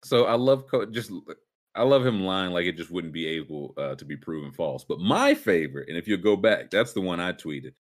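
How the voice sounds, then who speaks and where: Man, very deep voice, casual sports podcast talk, sarcastic, fillers and restarts. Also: lively intonation, moderate pace. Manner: rambling, lots of fillers and restarts; sarcastic, wry.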